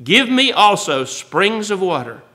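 Preacher guy, high lively voice, folksy, gets bold and loud on the big points. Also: measured pace. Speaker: pastor. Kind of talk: sermon.

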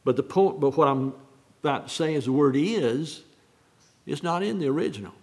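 A man preaching on a Bible verse, halting and restarting often, repeating key phrases slowly. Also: a little high, lively intonation, darkish tone. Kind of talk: sermon, unscripted Bible teaching.

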